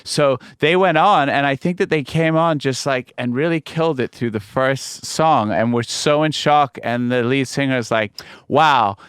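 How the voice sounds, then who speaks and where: A man hosting a casual interview show, talking in a relaxed, conversational way with casual swearing. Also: mid-range voice, normal speed, few pauses, clear, resonant tone, no echo, clean studio sound. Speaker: host.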